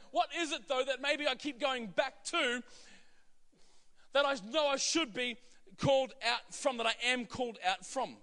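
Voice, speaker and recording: A man's voice: extremely high pitch, unhurried, sharp tone, long reverb tail. A man preaching a sermon in an earnest, emphatic way, with rhetorical questions and small chuckles.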